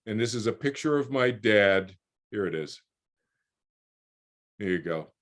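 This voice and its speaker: A man in his sixties, a guest in an interview, telling a personal story in an animated way, often repeating words as he finds his thread and acting out what others said, heard over a video call. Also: lowish voice, unhurried. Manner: repeats words while finding his thread, voices other people in quotes.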